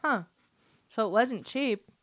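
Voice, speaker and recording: A woman's voice: on the high side, slow, no echo. A woman co-hosting a podcast, chatting casually and joking with a friend. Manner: playful, joking, giggly. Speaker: podcast co-host. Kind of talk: casual chat.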